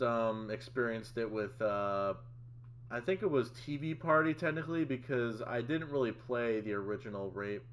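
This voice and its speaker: Relaxed male host, mid-pitched voice, casual and a bit profane. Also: slight background noise. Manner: relaxed, swears casually, dry asides. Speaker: podcast host. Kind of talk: casual chat.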